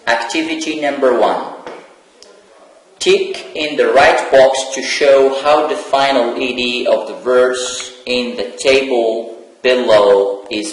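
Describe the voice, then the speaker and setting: Slow, deliberate teacher in an echoey room. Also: male voice, mid-range voice, far from the mic. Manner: slow, deliberate, repeats key words. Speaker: English teacher. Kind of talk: televised classroom lesson.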